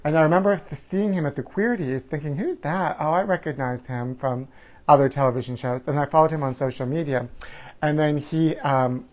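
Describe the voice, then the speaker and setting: A man's voice: on the high side, a little fast, a little mellow. A middle-aged man hosting a campy live talk show, sassy and theatrical, calling his viewers honey and darling and chanting catchphrases in a sing-song way. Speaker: host. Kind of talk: campy casual live-stream chat.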